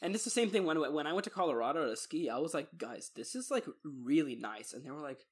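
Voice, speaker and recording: A young man from Texas tells stories in loose, casual conversation, his voice a touch high and husky. He talks in animated bursts, full of likes and restarts. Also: fast talker. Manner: animated storyteller, many fillers. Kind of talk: casual chat.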